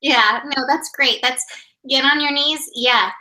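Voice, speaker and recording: A woman co-hosting a casual spiritual chat, reading astrology symbols aloud with quick, agreeable enthusiasm. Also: high-pitched, pushed and bright, rough recording.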